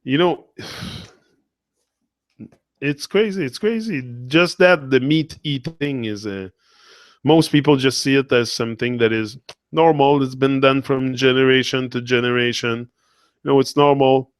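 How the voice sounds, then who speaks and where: A man's voice: medium pitch, moderate pace, smooth, no echo. Earnest man in a dry monologue. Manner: earnest, repetitive, emotional. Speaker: motivational speaker. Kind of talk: impassioned monologue.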